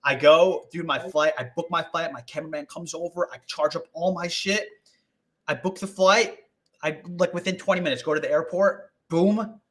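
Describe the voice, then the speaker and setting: Animated young man telling a story. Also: on the high side, moderate pace. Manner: animated, swearing, acts out quotes. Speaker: guest. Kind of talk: casual storytelling on a live stream. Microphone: video call.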